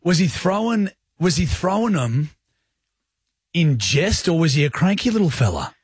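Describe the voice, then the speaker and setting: A man's voice: fairly high pitch, very animated, moderate pace, breathy edge, no echo, clean studio sound. A man with an Australian accent co-hosting a drive-time radio show, cracking jokes and teasing his co-host in casual banter. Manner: jokey, teasing interjections.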